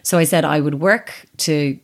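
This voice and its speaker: A woman's voice: sits low, normal speed. An Irish woman in her thirties, a guest telling stories in a casual chat and laughing easily. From Ireland. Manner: chatty storytelling, laughs easily.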